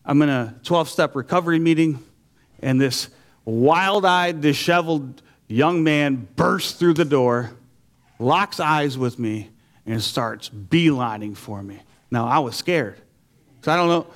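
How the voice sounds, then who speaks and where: A man telling his personal faith testimony with animated storytelling, acting out his own reactions and going low and quiet for serious moments. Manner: asks listeners "you see what I'm saying?". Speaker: speaker sharing a faith testimony.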